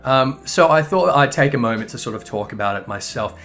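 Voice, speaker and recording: A man's voice: medium pitch, expressive, fairly quick, fairly bright tone, soft background music. A man giving casual, rambling gameplay commentary, swearing and correcting himself as he goes. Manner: rambling, profane, self-correcting. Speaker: game commentator.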